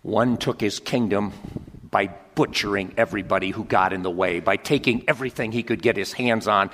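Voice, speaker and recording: A man preaching a dramatic sermon, swinging from hushed whispers to shouted climaxes. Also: on the low side, expressive, moderate pace. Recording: long reverb of a large hall.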